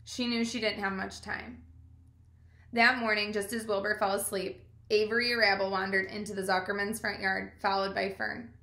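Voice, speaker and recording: Bright-voiced woman reading a storybook. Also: medium pitch, echoey room. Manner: calm, measured storytelling. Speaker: reader. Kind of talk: reading a children's book aloud.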